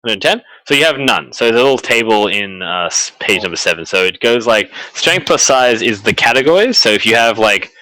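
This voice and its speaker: A man running a tabletop horror game live, chatty and animated, with many fillers and restarts. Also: lowish voice, brisk, hardly any pauses, no room sound, low-quality recording. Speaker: game master.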